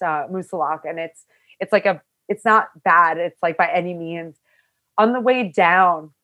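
A young woman casually telling a long story, talking loosely with lots of "like" fillers and animated, quoted asides. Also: lowish voice. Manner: chatty, full of "like" fillers, animated retelling. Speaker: hiker telling her story.

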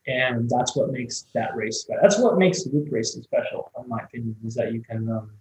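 Excitable rambling man in an echoey room. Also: mid-range voice, normal speed. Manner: rambling, excitable, lots of fillers and restarts. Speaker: race director. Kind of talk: conversational interview storytelling.

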